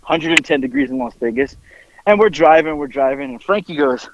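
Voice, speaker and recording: A man telling stories in a casual podcast chat, with lively mimicry of the people in them. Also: a little fast, dry recording, dull audio. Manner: animated, mimics others in a high strained voice. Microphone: headphones over remote call.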